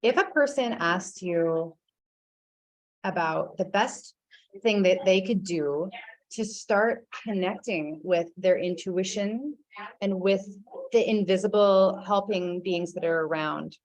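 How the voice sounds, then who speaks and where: A woman hosting an interview, thanking her guest and asking a question in a measured way. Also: mid-range voice, poor audio. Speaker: host.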